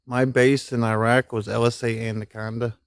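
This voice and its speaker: Gravelly-voiced veteran spinning yarns. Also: male voice, medium pitch, little pitch movement, normal speed, dry recording, studio quality. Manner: rambling, profane, laughs often, folksy grammar. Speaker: army veteran telling war stories. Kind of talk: casual storytelling on a live stream.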